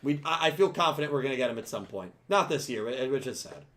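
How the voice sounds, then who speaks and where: A man's voice: medium pitch, lively intonation, fast, a bit bright. A man hosting a casual podcast chat, rambling and restarting his sentences. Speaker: podcast host.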